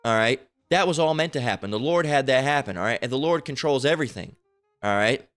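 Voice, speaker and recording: A man giving informal online Bible teaching, rambling and profane, repeatedly asking "all right?" and slowly reading verses aloud. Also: mid-range voice, expressive, fairly bright tone, soft background music. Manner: reads scripture aloud slowly.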